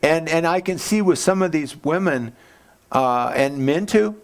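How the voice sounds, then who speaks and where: A man preaching a church sermon as pastor, casual and joking, acting out quotes in lively voices. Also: measured pace. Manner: animated, jokey, acts out quotes with big pitch jumps.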